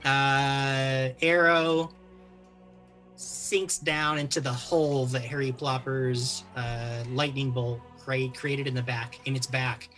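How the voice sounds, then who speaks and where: A game master narrating a live tabletop game, animated and full of quick fillers. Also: medium pitch, soft background music.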